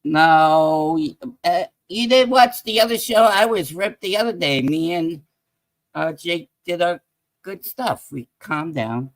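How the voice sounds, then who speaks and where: A man, a guest on a live-stream talk show, talking in an excitable way and calling out viewers in the chat. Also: a little high, slow pace, no echo. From New York. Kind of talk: casual live-stream banter.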